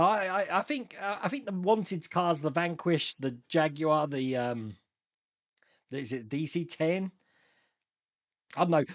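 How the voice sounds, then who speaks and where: A chatty man from Australia hosts a live stream, answering viewer comments in a casual, rambling way. His voice sits a touch high and swings lively up and down, and he often restarts his sentences and chuckles to himself. The recording is dry and close. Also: no room sound.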